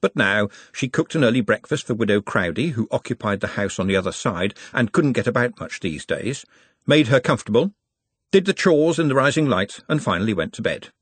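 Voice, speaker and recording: Husky guy reading a novel aloud, lively up-and-down voice, dry close sound. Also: mid-range voice, brisk, no echo. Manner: wry, expressive storytelling. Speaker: narrator. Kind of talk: audiobook narration.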